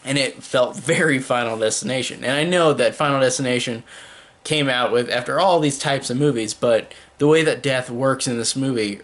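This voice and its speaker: A man's voice: medium pitch, a bit bright. A man casually reviewing a horror movie, rambling with lots of "like" and "um" and gushing with enthusiasm. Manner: rambling, heavy use of "like" and "um".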